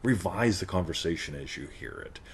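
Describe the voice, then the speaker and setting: A man's voice: low voice, expressive, normal speed, a little hiss or hum. A man hosting a live question-and-answer show, chatting playfully, laughing often and tagging his points with "right?". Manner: slips into silly character voices. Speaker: host of live Q&A. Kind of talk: casual coaching talk.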